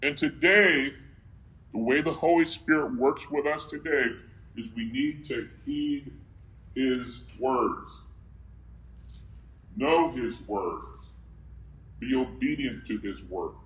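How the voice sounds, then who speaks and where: A man's voice: medium pitch, slow pace, long pauses, fairly bright tone, poor audio. A man preaching a sermon who reads scripture aloud and keeps asking his listeners questions, then answering them himself.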